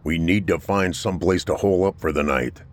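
A man reading a gruff, blunt male sergeant, deep and steady in calm moments and bellowing in a fight. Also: brisk, close to an everyday voice. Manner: gruff, commanding, then bellowing in rage. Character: hardened male airman sergeant, blunt and brave.

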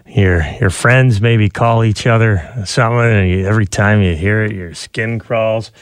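A man's voice: fairly low pitch, steady tone, moderate pace, smooth, no echo. A man in his thirties hosting a radio show, joking and teasing in casual banter. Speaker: radio host.

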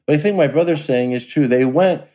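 A man's voice: on the high side, brisk, mellow. A man on a podcast panel giving frank, wry commentary in casual talk. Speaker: guest, son of an actor.

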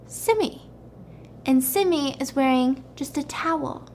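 A woman chattily retelling a film plot to a friend, animated and checking in with her listener. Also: sits high, unhurried, a little hiss or hum.

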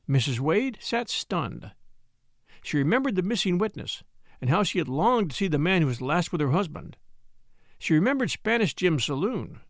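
A man tells a classic story with an expressive storytelling manner. His voice sits high and moves lively through its range. The recording is dry and close. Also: moderate pace, no echo. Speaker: audiobook narrator. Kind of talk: scripted story narration.

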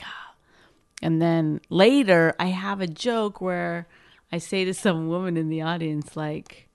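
A woman's voice: deep voice, creaky, dry recording, studio quality. A woman comedian casually telling a story, chattering with lots of "like" and acting out what people said. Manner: animated, lots of "like" and "I go", acts out quoted voices. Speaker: stand-up comedian.

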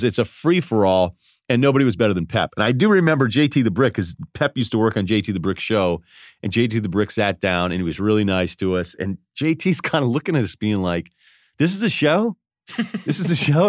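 A man's voice: medium pitch, no echo, studio quality. A man in his forties hosting a podcast, telling casual stories in a loose, self-mocking way and laughing between phrases. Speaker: podcast host. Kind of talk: casual storytelling monologue.

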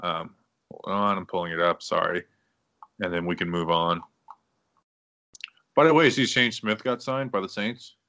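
A man's voice: low voice, normal speed, long pauses. A man hosting a casual football talk show, breaking down stats and then ranting with lots of fillers. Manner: animated, ranting with many fillers. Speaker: football podcast host. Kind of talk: casual sports commentary.

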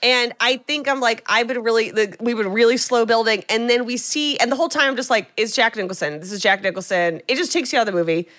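A young woman co-hosting a podcast, recapping a film in casual chat and acting out quotes with animated storytelling. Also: on the high side, quick pace, few pauses. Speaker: podcast co-host.

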